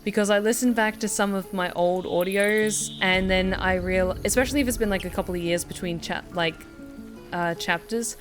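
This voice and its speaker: A woman's voice: medium pitch, steady tone, moderate pace. Chatty woman streamer over game music. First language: not originally American. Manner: chatty, reflective, self-deprecating. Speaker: voice actor and streamer. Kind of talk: casual gameplay commentary.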